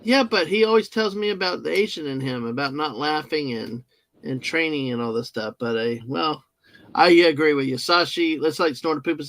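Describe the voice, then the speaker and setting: Bright-voiced man joking in a car. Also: a little high, moderate pace, low-quality recording. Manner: relaxed, joking, easygoing. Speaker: host of a live driving stream. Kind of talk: casual chat.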